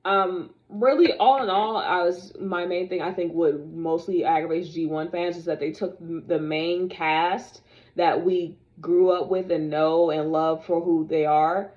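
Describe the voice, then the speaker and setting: A young woman vlogging to camera in casual, opinionated chat, sassy and animated as she talks straight to her viewers. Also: on the low side, measured pace, lo-fi sound. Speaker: vlogger reviewing dolls.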